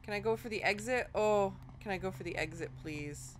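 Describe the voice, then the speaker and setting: A young woman casually commenting on a horror game, muttering to herself and breaking into loud panicked outbursts. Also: medium pitch, fairly quick. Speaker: let's play host. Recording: noisy game audio behind the voice.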